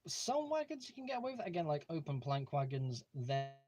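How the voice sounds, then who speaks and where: A young man with a slightly high voice hosts a casual livestream from a room at home. He talks briskly with big pitch swings, eagerly rambling through lots of fillers and restarts.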